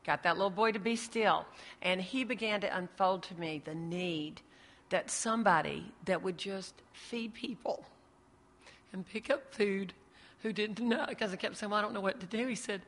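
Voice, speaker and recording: In a hall with long reverb, a woman tells an audience about her ministry at a moderate pace. Her medium-pitched voice is a bit bright, and she acts out the voices as she relates conversations.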